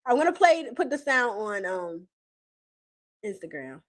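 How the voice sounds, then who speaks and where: A woman's voice: medium pitch, big pitch swings, measured pace. Chatty woman hosting a live stream. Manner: chatty, laughs often, talks straight to viewers. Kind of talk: casual chat.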